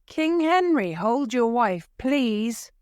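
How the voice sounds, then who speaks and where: A woman's voice: a little high, very animated, takes it slowly, clean tone, dry recording, studio quality, voice pushed up. A woman voicing a furious male lord who barks harsh commands. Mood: angry commanding.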